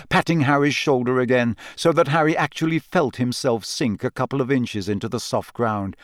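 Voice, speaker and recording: A man reading an audiobook in a measured, expressive narration. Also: mid-range voice, no echo, clean studio sound. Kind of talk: scripted narration.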